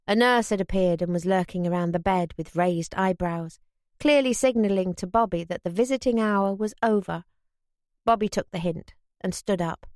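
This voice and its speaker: This audiobook narrator, a woman with a medium-pitched voice, gives a scripted reading of a wartime novel in an even, measured storytelling style. The recording is clean studio sound with no room sound.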